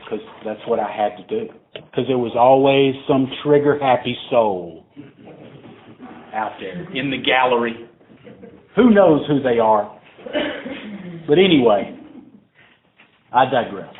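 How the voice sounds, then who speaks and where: Profane, rambling man. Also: medium pitch. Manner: profane, digressive, conversational. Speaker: speaker at a recovery meeting. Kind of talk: live storytelling talk to a crowd. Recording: tinny phone-like recording, faint hiss.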